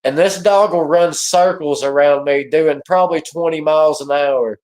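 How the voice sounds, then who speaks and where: A man's voice: on the high side, steady tone, moderate pace, darkish tone, low-quality recording. A man chatting casually on a livestream, easygoing and laughing often.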